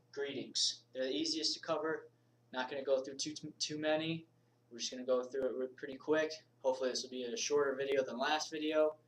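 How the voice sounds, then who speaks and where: A man from the United States teaching a casual video lesson, informal and energetic, moving around and gesturing as he talks. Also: medium pitch, far from the mic, slight background noise, poor audio. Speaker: body language instructor.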